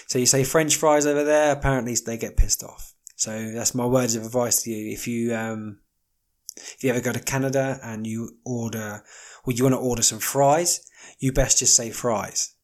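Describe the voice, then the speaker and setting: A man's voice: medium pitch, steady tone, moderate pace. Rambling, wry man talking solo. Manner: rambling, wry, jokey asides with many fillers. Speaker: podcast host. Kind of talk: casual solo monologue.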